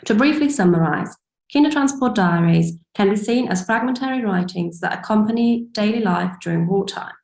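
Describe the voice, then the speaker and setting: A woman reading a formal academic paper aloud over a video call, steady with small self-corrections. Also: medium pitch, normal speed, gravelly, reverberant. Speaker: academic speaker.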